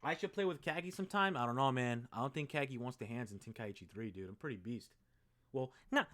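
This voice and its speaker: A young man streaming live, chatting loosely with viewers in an excitable, rambling way and swearing freely. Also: medium pitch, quick pace. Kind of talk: casual live-stream chat.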